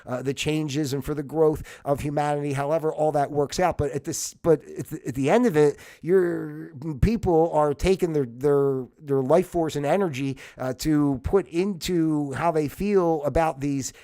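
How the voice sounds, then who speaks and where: A man's voice: fairly high pitch, normal speed, hardly any pauses, dark tone. A man hosting a livestream and talking alone in a casual monologue that rambles with many restarts and grows heated as he goes. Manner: rambling, restarts often, heated when worked up. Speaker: livestream host.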